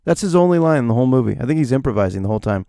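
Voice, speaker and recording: A man's voice: mid-range voice, lively intonation, racing, gravelly, warm tone, no room sound, studio quality. A man hosting his own podcast, rambling jokily through a solo monologue and talking to himself. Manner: rambling, jokey, talks to himself. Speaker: podcast host.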